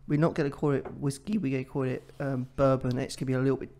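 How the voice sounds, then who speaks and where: A man co-hosting a casual podcast chat, rambling and joking excitably. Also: medium pitch, very fast. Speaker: podcast co-host.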